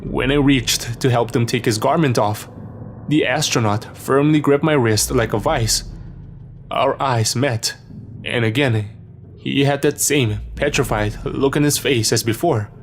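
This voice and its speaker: A man's voice: medium pitch, unhurried, a little hiss or hum. Man narrating a space horror story. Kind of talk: scripted first-person horror narration.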